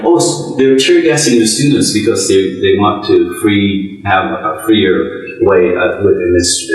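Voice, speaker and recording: Rambling older man in an echoey room. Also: fairly low pitch. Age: 70s. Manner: rambling, talkative storytelling with frequent laughs. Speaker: interviewee. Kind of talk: oral history interview.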